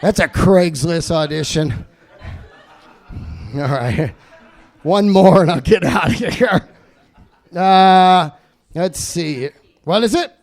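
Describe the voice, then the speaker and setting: Comic guy, high pitched, loud profane rant on stage. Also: takes it slowly. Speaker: stand-up comedian. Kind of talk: stand-up set.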